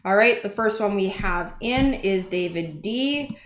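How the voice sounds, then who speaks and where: A woman's voice: mid-range voice, lively intonation, unhurried. A woman hosting a casual livestream, chatty and easily flustered as she talks to her chat and counts entries aloud. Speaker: livestream host. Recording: echoey room with faint noise.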